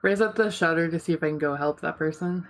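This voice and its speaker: A woman's voice: sits low, quick pace, soft background music. A woman playing a tabletop game, casually describing what her character does. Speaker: player.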